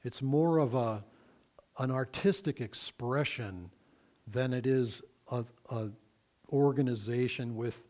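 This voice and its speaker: Male minister, mid-pitched, slow reflective sermon delivery with gentle humor. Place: church service.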